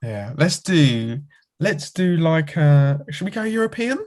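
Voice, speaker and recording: A man's voice: a little high, big pitch swings, measured pace, background noise. A man co-hosting a podcast, chatting casually with enthusiasm and frequent giggles. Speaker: podcast co-host. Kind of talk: casual chat.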